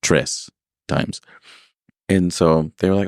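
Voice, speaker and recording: Podcast host, male, low voice, animated storyteller, dry sound. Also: normal speed, no echo. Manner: animated storyteller, acts out customers with big pitch jumps. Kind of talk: casual storytelling chat.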